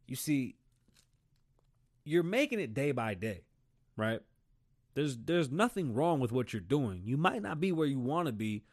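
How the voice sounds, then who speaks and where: A man's voice: mid-range voice, darkish tone. A middle-aged man hosting his own show, giving a casual, blunt motivational talk and swearing freely. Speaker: show host.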